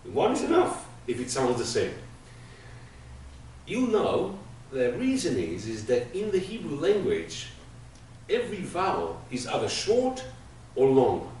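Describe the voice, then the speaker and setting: A man's voice: medium pitch, wildly swooping pitch, measured pace, a little mellow. A man teaching a class, patiently explaining with everyday examples. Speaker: Hebrew teacher. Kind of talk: classroom lesson. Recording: echoey room from far off, faint noise.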